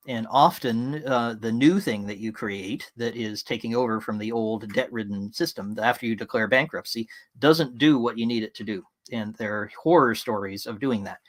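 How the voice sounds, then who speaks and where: A man giving an online talk in a relaxed, conversational way. He tells stories as he goes and breaks off now and then to answer comments from the chat. His voice sits at an ordinary middle pitch.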